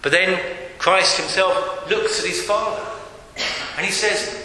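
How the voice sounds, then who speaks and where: A man preaching a sermon, emphatic and repetitive, sometimes dropping to a hushed voice. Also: high-pitched, steady tone, a little slow. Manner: emphatic, repeating phrases, dropping to hushed tones. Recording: echoey hall with faint hiss.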